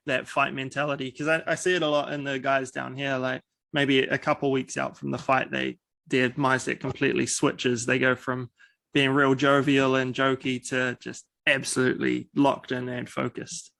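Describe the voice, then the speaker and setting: A man asks interview questions, hesitating and filling the pauses with "uh." His voice is gravelly and stays flat in pitch. The sound is dry and close, with no room echo. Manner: hesitant, lots of filler "uh". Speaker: sports show host.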